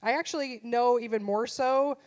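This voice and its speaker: Brief: middle-aged mom comic, slightly high voice, punchy self-deprecating delivery, live theater stand-up on a stage mic. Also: female voice, moderate pace. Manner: punchy, self-deprecating, acts out her son's voice. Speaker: stand-up comedian. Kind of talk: stand-up comedy set.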